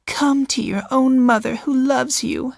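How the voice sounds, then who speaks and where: Man doing a young society woman, high airy voice, breathy, drawn-out slow lines, dry sound. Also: steady tone, no room sound, full character voice. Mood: doting. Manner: breathy, sighing, half-whispered. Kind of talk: audiobook character voice.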